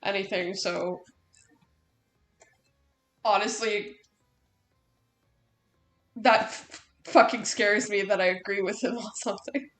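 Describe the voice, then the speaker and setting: A woman's voice: medium pitch, steady tone, takes it slowly, long pauses, a bit bright, roomy sound, faint music behind. A woman chatting casually while she draws, giggly and blunt and swearing freely. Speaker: streamer drawing while chatting. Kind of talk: casual chat.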